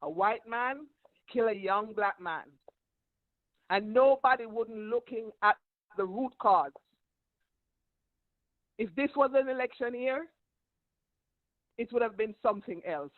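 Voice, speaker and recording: A man's voice: extremely high pitch, slow pace, pauses often, no echo. A man calling into a show to give his opinion, blunt and insistent, driving his point home. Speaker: caller. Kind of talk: call-in radio opinion. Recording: dry tinny phone line.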